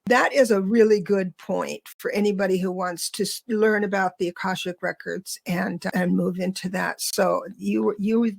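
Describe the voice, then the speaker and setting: A woman's voice: mid-range voice, steady tone, normal speed, gravelly, hardly any pauses, no echo. A woman hosting a podcast interview, chatty, laughing easily and often restarting sentences as she talks with her guest. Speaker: podcast host. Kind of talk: conversational interview.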